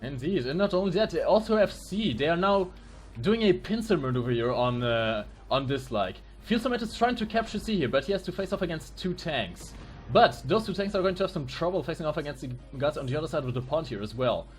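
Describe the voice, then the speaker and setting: A man commentating a live tank game match, analytical, breaking into excited exclamations. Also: fairly high pitch, fairly quick. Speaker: esports commentator. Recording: faint music behind.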